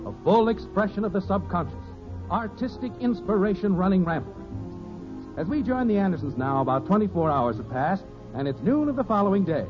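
A man narrating the opening of a radio sitcom in a chatty, folksy way. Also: high-pitched. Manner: chatty, folksy scene-setting. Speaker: show announcer. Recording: muffled old 1950s radio broadcast.

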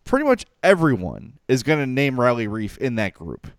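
A middle-aged man co-hosting a sports podcast, full of enthusiasm and jokes. His voice is smooth and clear and bounces around in pitch. The sound is dry and close. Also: normal speed, no room sound. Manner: excitable, animated, jokey. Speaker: podcast co-host. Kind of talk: casual sports chat and sponsor read.

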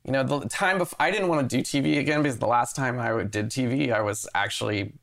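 Gravelly man telling a rambling story. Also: medium pitch, fast. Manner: rambling, self-interrupting, animated. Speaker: guest. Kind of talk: casual interview storytelling.

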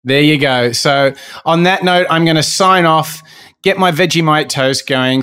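A male podcast host with a smooth, clean voice, talking in a chatty, playful way. His voice sounds close and dry, with no room around it. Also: fairly high pitch, moderate pace, a bit bright, dry recording. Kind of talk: casual podcast sign-off.

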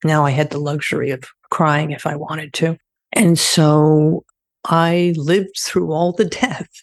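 A woman's voice: low voice, fairly even intonation, slow pace, no echo, studio quality. An older woman speaking candidly as an interview guest, telling stories in a conversational way. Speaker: guest, former death investigator. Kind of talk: interview storytelling.

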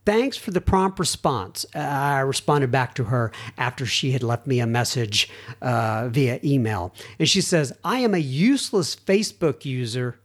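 A man's voice: medium pitch, expressive, normal speed. A middle-aged man hosting a recovery podcast, chatting casually and reading listener emails aloud with self-deprecating asides. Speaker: podcast host.

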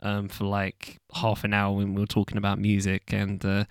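A man's voice: lowish voice, fairly even intonation, fast, hardly any pauses, no echo, studio quality. A young man from the UK hosting a casual solo podcast, rambling loosely with lots of ums and casual swearing. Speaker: podcast host.

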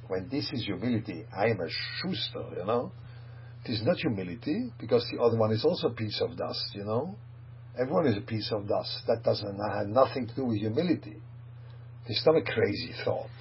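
A man teaching a Torah lecture, emphatic, asking rhetorical questions and mixing in Hebrew and Yiddish phrases. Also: fairly low pitch. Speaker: rabbi teaching. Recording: dull hum-laden recording.

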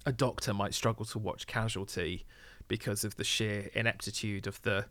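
A man's voice: fairly low pitch, steady tone, moderate pace, fairly bright tone, dry recording. A man hosting a podcast, talking casually in a rambling way with frequent fillers. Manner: rambling, with many fillers and restarts. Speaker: podcast host.

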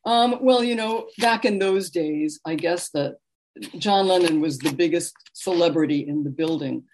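A woman from New York is being interviewed about her book. She tells anecdotes in an animated way, breaking into laughter, and her voice sits a little low. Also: a little slow, slight background noise. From New York, USA. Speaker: author and guest. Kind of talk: conversational interview storytelling.

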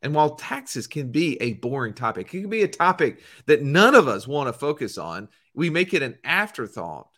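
A man co-hosting a podcast, talking emphatically with dramatic pauses. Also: a little high, big pitch swings, fairly bright tone. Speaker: podcast co-host. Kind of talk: podcast intro chat.

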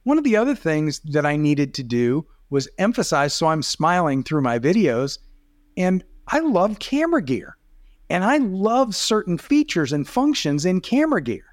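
A man's voice: fairly high pitch, very animated, normal speed, no room sound, studio quality. A middle-aged man, a video coach, explaining as a podcast guest in casual talk, demonstrative with rising and falling emphasis.

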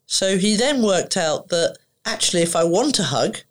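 A woman's voice: on the low side, normal speed. A woman, an emotional therapist, speaking as a podcast guest and telling stories in a conversational way, often acting out what people said. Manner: animated anecdotes, acts out dialogue. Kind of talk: conversational storytelling.

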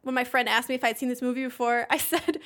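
A woman's voice: a little high, fairly even intonation, quick pace, a bit bright. A woman in her thirties co-hosting a podcast, chatting casually with a sarcastic edge and plenty of swearing. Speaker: podcast co-host. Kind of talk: casual chat.

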